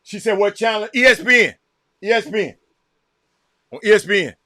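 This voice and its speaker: A man with a Southern American accent hosting a casual livestream, reacting loudly to a game and calling out viewers by name. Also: high voice, fairly quick, no echo, studio quality. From Texas. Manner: excitable, reacts loudly to a game while chatting; addresses viewers by name, repeats himself. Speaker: livestream host. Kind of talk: casual chat with live viewers.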